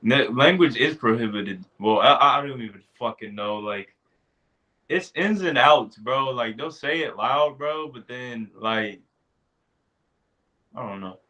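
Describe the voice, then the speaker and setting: A man's voice: medium pitch, expressive, unhurried, pushed and bright. A young man co-hosting a podcast in casual chat, swearing and trailing off into mumbles, on a call. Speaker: podcast co-host.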